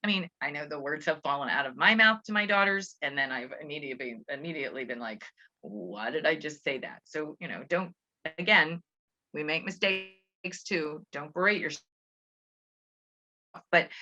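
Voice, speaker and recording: A woman's voice: low-pitched, normal speed, sharp tone. A middle-aged woman educator giving a casual talk to parents, chatty, with frequent restarts and fillers. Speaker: Montessori school educator. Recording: dull lo-fi audio.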